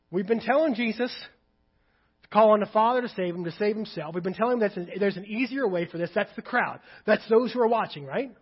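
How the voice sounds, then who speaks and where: A pastor preaching with a high, husky voice that moves between forceful emphasis and quiet, hushed passages. The recording is dull and lo-fi, like a church sermon tape. He sounds earnest and direct. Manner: emphatic, swings from loud to hushed while reading Scripture.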